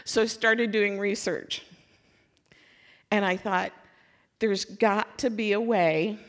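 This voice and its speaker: A woman from Louisville giving a sermon as a lively personal story, acting out her own excitement and letdown. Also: medium pitch. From Louisville, Kentucky. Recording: long hall reverb.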